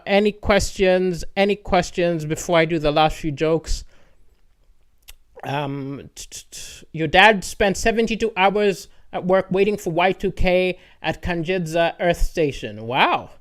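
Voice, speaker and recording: A man hosting a comedy live stream, telling stories and answering viewer comments in a chatty manner that rises to excited emphasis, talking into a streaming microphone. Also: high voice, clean tone. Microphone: streaming microphone with adjustable levels.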